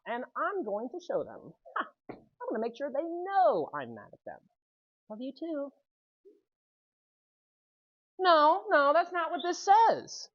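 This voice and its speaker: A man preaching to young people in an animated, storytelling way, his pitch swinging widely as he talks. He keeps checking in with his listeners. The recording sounds dull and lo-fi. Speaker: youth speaker. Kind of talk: youth sermon with personal story.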